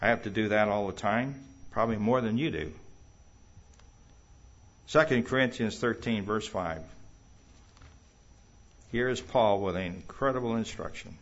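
Man preaching a sermon in a church, gets loud and emphatic on the bible quotes, kinda dull lo-fi audio. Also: fairly low pitch, a little slow, long pauses. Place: church hall.

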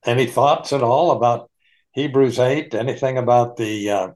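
A man leading an online Bible study, teaching in an unhurried, folksy way and chuckling often. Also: medium pitch, a little mellow.

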